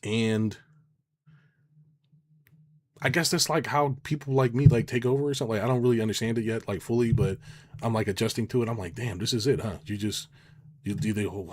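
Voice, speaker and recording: A man's voice: mid-range voice, fast talker, a little mellow. A middle-aged man, a business coach, rambling in casual livestream chat, swearing freely and acting out conversations. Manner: rambling, profane, quotes people in dialogue.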